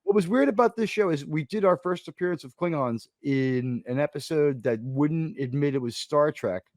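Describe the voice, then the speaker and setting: An American man hosting a casual online panel, joking around with quick asides and loud bursts. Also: on the high side, no room sound. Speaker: panel host.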